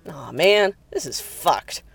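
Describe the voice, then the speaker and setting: A narrator voicing a crude, aggressive male gunman in a spoken story, talking roughly. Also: mid-range voice, lively intonation, takes it slowly, dry recording, heavily acted. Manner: rough, swearing.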